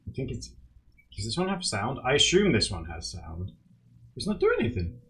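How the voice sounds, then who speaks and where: Excitable man with very lively pitch. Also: moderate pace. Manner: excitable, laughs often, chatty with viewers. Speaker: streamer. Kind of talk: casual live-stream chat while drawing.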